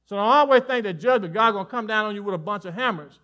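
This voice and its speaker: A man preaching a lively sermon in a high, bright voice. He swings between forceful declarations and quiet, folksy asides, joking easily with his congregation. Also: quick pace. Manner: animated preaching with sudden drops to soft asides. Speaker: pastor.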